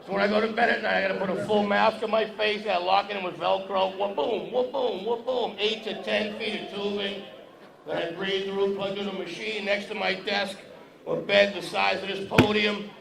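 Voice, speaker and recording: A man's voice: sits high, little pitch movement, normal speed, gravelly. A man doing a stand-up comedy set on a stage, teasing the crowd in a brash, joking way. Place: event hall stage with a podium before a live audience. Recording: echoey hall with crowd noise.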